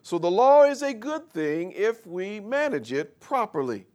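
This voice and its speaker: A man preaching a sermon, reading scripture slowly and explaining it, calling out questions for the congregation to answer. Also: sing-song. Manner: call-and-response with the congregation; reads scripture slowly then explains, rising louder and higher.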